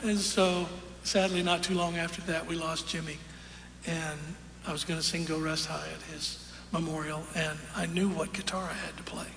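Man, onstage storyteller, folksy, gravelly, long hall echo, audience noise. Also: fairly high pitch, little pitch movement, a bit bright. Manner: folksy, unhurried, with fillers and quoted dialogue. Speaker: singer telling a story on stage. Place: large concert hall with audience. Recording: roomy live hall recording with audience noise.

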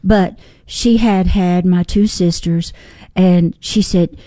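An older woman, a singer-songwriter, telling lively personal stories in an interview, acting out what others said. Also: on the low side, slow pace, dry recording. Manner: animated, folksy storyteller acting out quotes. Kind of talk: storytelling interview.

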